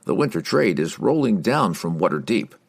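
A man's voice: low-pitched, very animated, normal speed, creaky, slightly rough, exaggerated voice. A man reading the part of a wry wizard who speaks from a crystal ball, eager to serve.

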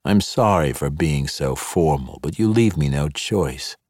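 A man voicing a sly dark elf mercenary. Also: extremely low pitch, animated, no echo, studio quality, heavily acted. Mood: persuasive. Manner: smooth, teasing, unhurried.

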